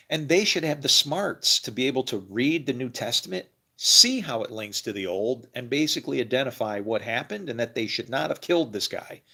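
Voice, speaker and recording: Gravelly man musing with frequent chuckles. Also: medium pitch, pushed and bright. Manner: rambling, laughs often, restarts. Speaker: religious video creator. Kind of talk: casual monologue to camera.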